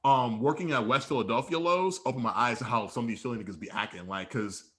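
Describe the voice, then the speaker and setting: A man's voice: medium pitch, fast talker, a bit bright. A young man co-hosting a podcast, telling stories in casual, slangy, profane chat with acted-out dialogue. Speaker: podcast co-host.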